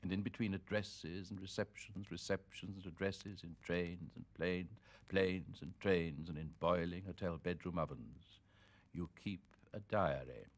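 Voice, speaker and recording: A deep, low-pitched man reciting literary prose with theatrical flair. His delivery is sonorous and swells from hush to boom. Every phrase is shaped for performance. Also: fairly even intonation, measured pace. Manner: theatrical, sonorous, sweeping swings of loudness. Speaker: reader. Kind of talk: dramatic reading of literary prose.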